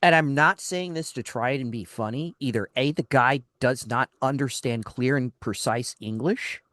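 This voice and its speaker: A man's voice: medium pitch, normal speed, a bit bright, no echo, clean studio sound. A man co-hosting a radio talk show, telling a long exasperated story in casual chat, acting out the dialogue and often restarting his sentences. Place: radio studio.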